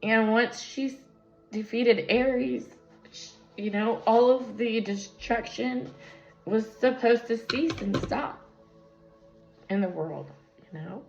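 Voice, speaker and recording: A woman's voice: on the high side, takes it slowly, gravelly, a little mellow. A woman giving a casual spiritual tarot reading, rambling and tangential, with many fillers, recorded on a phone. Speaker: tarot reader. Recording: echoey room, dull lo-fi sound, faint music.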